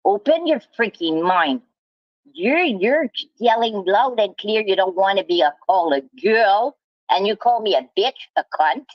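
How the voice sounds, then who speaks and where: A woman in a heated monologue, talking in halting bursts with restarts and insults. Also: mid-range voice, animated, dry recording, highs cut off. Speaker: livestreamer.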